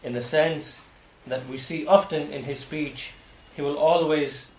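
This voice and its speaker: A man's voice: fairly high pitch, fairly even intonation. Man teaching with a roomy echo. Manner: halting, frequent restarts and repeated words. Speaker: religious teacher. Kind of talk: explanatory lecture on hadith.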